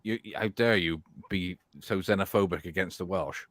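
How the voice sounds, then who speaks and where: A man's voice: low voice, normal speed, fairly bright tone, no echo. A man teasing his friends in sarcastic, swearing stream banter. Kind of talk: casual banter on a live stream.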